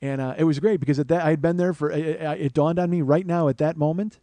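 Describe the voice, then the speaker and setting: A man in his forties, a comedian hosting his podcast, telling a story in an animated, profane, exasperated way on a close studio mic. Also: on the high side, fast talker, dry recording. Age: 40s. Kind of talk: comic storytelling monologue.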